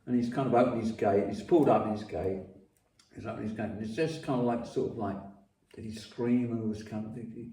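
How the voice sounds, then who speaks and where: Guest, 60s, mellow voice, rambling and profane, echoey room, far mic. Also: male voice, on the low side, fairly even intonation, brisk. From London. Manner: profane, repetitive, many restarts and coughs. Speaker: podcast guest. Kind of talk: rambling casual storytelling. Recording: roomy, distant mic.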